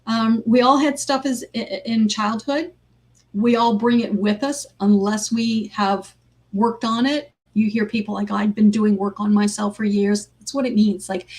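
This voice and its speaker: Chatty woman coach, slightly high voice. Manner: conversational, lots of ums and 'right?' tags. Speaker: life coach. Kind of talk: live-stream coaching talk with personal stories.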